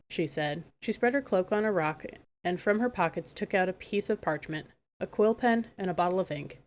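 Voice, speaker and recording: A woman narrating a fairy-tale audiobook in a calm, measured way. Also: sits low. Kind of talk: storybook narration.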